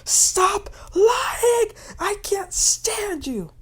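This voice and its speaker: A woman voicing a drunk, furious woman who shouts accusations at a dinner table. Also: on the high side, expressive, unhurried, husky, pitched above the performer's own voice, full character voice. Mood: screaming.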